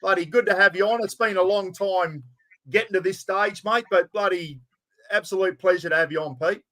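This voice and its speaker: A man's voice: sits high, fairly quick, sharp tone. An Australian man hosting a casual livestream chat, blokey and laughing easily, swearing casually as he talks. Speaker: livestream host.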